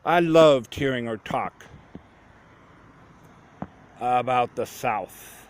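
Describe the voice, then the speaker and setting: A middle-aged man recounts a memory from his own life at a very unhurried pace. His voice sits in an ordinary male pitch, and he pauses and circles back as he thinks. The telling feels plain and conversational. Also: smooth. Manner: slow, reflective and conversational. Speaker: storyteller. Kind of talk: personal story narration.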